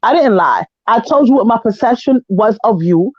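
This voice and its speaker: A woman's voice: a little high, moderate pace, no echo. A woman talks in a heated, casual way on an online panel, blunt and profane, acting out what others said. Her voice is dry and close, with a slightly dull, lo-fi sound from her living room setup. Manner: blunt, profane, animated storytelling. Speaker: panel guest. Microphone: home setup, living room.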